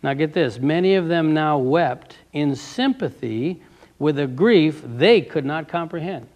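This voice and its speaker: A man's voice: fairly high pitch, unhurried, a little mellow, muffled recording. A man preaching a sermon, reading passages aloud and stopping to ask his listeners fervent rhetorical questions. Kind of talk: sermon reading from a book with commentary.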